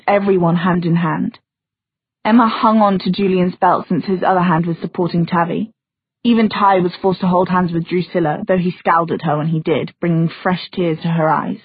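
A woman reading fantasy fiction aloud as an audiobook narrator, in a steady, even storytelling manner. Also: on the low side, breathy edge, no room sound. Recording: dry, phone-like narrow sound.

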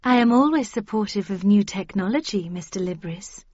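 A woman's voice: mid-range voice, moderate pace, a little mellow, no room sound, lo-fi sound, lightly acted. A woman reading the part of a polite aristocratic lady who raises an objection kindly and courteously. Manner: kind, courteous.

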